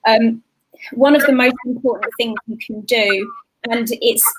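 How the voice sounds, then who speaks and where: A woman's voice: fairly high pitch, fairly even intonation, unhurried, a little hiss or hum, rough recording. A woman, a guest on a talk show, giving practical parenting advice in a casual explanatory way. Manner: warm practical advice, mimics sing-song voices. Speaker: guest, children's coach.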